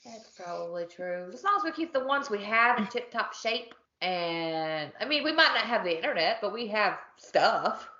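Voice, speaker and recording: A woman's voice: mid-range voice, animated, moderate pace, hardly any pauses, pushed and bright, echoey room, highs cut off. A woman co-hosting a casual chat podcast, joking and trailing off mid-sentence. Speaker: podcast co-host. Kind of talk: casual chat over wine.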